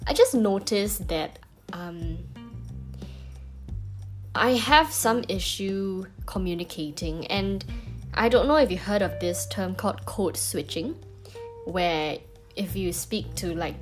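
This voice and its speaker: A young woman with a Singaporean accent, chatting candidly into her phone for a vlog, with lots of fillers and self-corrections. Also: lowish voice. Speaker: vlogger. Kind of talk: casual personal monologue.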